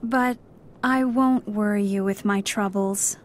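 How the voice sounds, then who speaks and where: A woman voicing a lonely young woman in mourning, speaking softly and wistfully in a storybook reading. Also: medium pitch, fairly even intonation, takes it slowly, voice pushed up, lightly acted. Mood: sorrowful.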